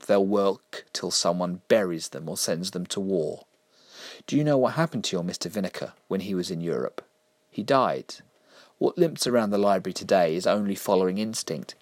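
A man reading a story aloud, voicing a mysterious, unsettling woman who speaks in a measured, knowing way. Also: low voice, a little mellow, dry recording, close to an everyday voice.

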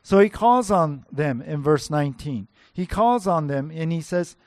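Earnest preaching man, slightly high voice. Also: lively intonation, measured pace, a little mellow, no echo. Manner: earnest, emphatic, repeats key words for stress. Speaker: pastor. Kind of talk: sermon.

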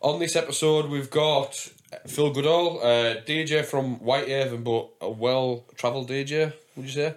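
A man's voice: mid-range voice, steady tone, moderate pace, few pauses. A man hosting a casual podcast, chatty and self-mocking, swearing freely as he tells stories. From England. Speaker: podcast host.

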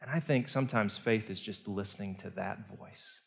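A male pastor preaching a sermon, telling the story earnestly and moving between hushed and emphatic delivery. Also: lowish voice, moderate pace, creaky, few pauses. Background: soft guitar music.

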